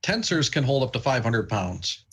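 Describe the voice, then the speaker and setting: A woman's voice: very deep voice, very animated, normal speed, fairly bright tone, slight background noise. A woman playing a tabletop game over a call, matter-of-fact. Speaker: player.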